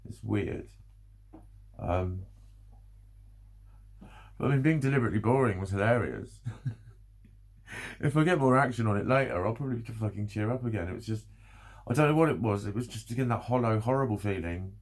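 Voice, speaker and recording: A man's voice: fairly low pitch, animated, a little fast, long pauses. A man, exhausted and rambling through an emotional personal vlog, swearing often and breaking into nervous laughs. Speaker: vlogger.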